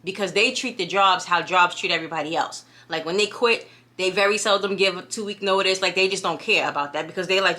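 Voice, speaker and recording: A young woman with a clear New York accent talks casually to her camera, chatty and animated. Her voice is bright and forward, and she keeps checking in with "you know what I mean?". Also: on the low side, brisk. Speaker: vlogger.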